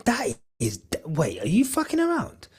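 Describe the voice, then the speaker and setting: A man's voice: fairly high pitch, huge pitch swings, normal speed, a little hiss or hum. A young man chatting casually on a live stream, rambling with many fillers and casual swearing. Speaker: podcast host streaming live.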